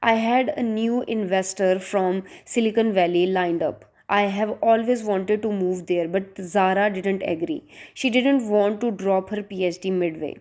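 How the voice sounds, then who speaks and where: A scared young man mourning his lost love, pleading in a quiet, slow voice, read by a woman narrator. His pitch sits in the middle of the range, and he sounds unguarded. This is audiobook storytelling. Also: natural voice. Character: nervous grieving young man, pleading and soft-spoken. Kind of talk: audiobook character reading.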